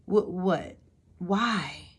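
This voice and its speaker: A woman's voice: fairly low pitch, drawn-out words, breathy edge. A woman telling a personal story to her viewers in a casual, exasperated way. She often repeats words and checks in with "okay?".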